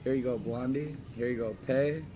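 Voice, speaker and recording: A man's voice: medium pitch, fairly even intonation, normal speed, over music, rough recording. A man livestreaming, gushing and repeating himself, teary as he hands out money. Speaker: livestreamer giving money to a guest. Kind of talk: emotional livestream talk.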